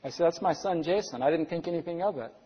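A middle-aged male pastor with a high voice delivers an earnest sermon, asking his congregation question after question. The sound is dull and lo-fi, and his words ring out with a long reverb from a large church hall. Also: fast. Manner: earnest, asks the audience rhetorical questions.

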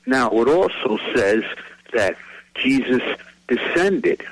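A man's voice: medium pitch, sing-song, slow pace, no echo, poor audio. A man calling into a radio show to ask a Bible question, hesitant and repeating himself as he presses the point. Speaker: caller. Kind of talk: phone-in question.

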